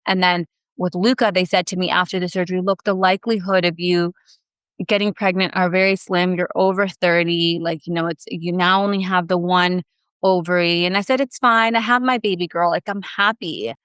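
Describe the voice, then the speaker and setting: A woman in her thirties, a podcast guest, telling a personal story in casual chat, animated and emotional, with lots of fillers. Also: fairly low pitch, normal speed, smooth, no echo.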